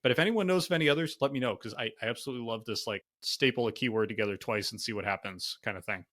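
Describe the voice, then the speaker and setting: A man's voice: mid-range voice, very fast, fairly bright tone. A man co-hosting a casual card game review podcast, thinking aloud with lots of fillers. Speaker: podcast co-host.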